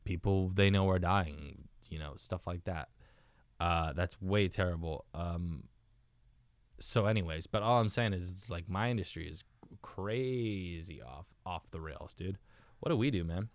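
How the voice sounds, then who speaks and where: Young dude rambling on his podcast, lowish voice, bone dry mic, keeps saying dude. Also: measured pace, dry recording. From United States. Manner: rambling, self-mocking, says dude and man a lot. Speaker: podcast host. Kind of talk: casual solo podcast talk.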